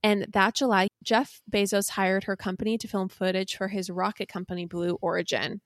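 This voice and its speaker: A woman's voice: medium pitch, little pitch movement, normal speed, no room sound, studio quality. A young woman co-hosting a podcast, telling a gossip story with playful teasing and theatrical emphasis. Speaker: podcast co-host. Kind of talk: casual chat, storytelling gossip.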